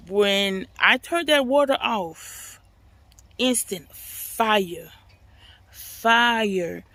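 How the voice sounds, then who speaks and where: Woman vlogger, bright dry voice, animated casual storyteller who talks straight to viewers. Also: medium pitch, no room sound.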